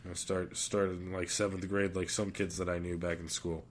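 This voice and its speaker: A man's voice: low voice, little pitch movement, moderate pace, over a noisy crowd. A man hosting a podcast, telling rambling, profane stories in casual chat in a studio. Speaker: podcast host.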